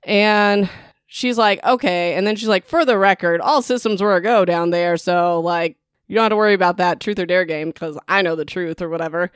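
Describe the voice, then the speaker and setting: A woman's voice: fairly low pitch, normal speed, clean tone. A woman giving a casual chapter-by-chapter book recap, sarcastic and chatty, full of "like" and "whatever," with teasing dramatic asides to her viewers. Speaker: book reviewer.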